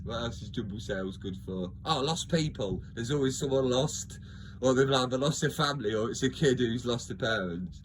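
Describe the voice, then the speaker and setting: A man's voice: medium pitch, animated, moderate pace, a little hiss or hum. A man talking in a casual, rambling monologue, joking, laughing often and trailing off mid-sentence. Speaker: video host.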